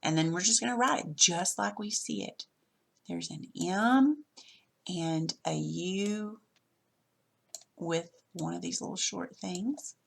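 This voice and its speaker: Woman, teacher, worksheet lesson, step-by-step, patient, slightly low pitch. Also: slow, creaky, husky.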